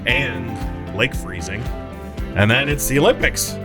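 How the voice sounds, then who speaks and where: A man's voice: a little slow, music in the background. A Canadian man co-hosting a casual podcast, reading an ad with jokey, hammy delivery. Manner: jokey, hammy ad delivery with big pitch swings. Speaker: podcast co-host. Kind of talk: casual chat and playful ad read.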